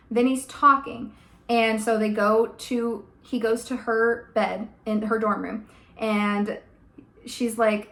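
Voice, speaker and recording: Woman vlogger, fairly high voice, emphatic casual rant, filler-heavy. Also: level tone, takes it slowly, fairly bright tone. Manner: emphatic, rants with many "like" and "okay?". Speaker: vlogger reviewing a TV adaptation. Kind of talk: casual opinionated commentary.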